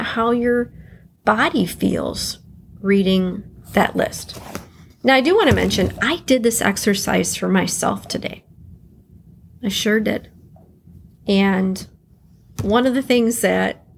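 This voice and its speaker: A woman hosting a podcast, leading listeners through a calm guided reflection exercise and repeating key phrases as she goes. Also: fairly high pitch. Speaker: podcast host.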